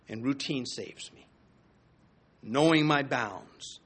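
A man preaching a sermon in an earnest way, building to emphatic repeated phrases and sometimes pausing to restart a thought. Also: a little high, animated, a bit bright. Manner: earnest, rises to emphatic repetitions.

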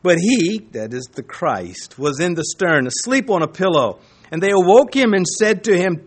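A man's voice: high-pitched, very animated, a little slow, slightly rough. A middle-aged male pastor preaching a sermon in a conversational way, with chuckles and asides.

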